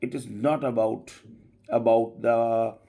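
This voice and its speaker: A male English teacher giving an online class lecture, explaining slowly and tagging many lines with a rising "okay?". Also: mid-range voice, steady tone, creaky, warm tone. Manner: slow, drawn-out explaining with frequent rising "okay?".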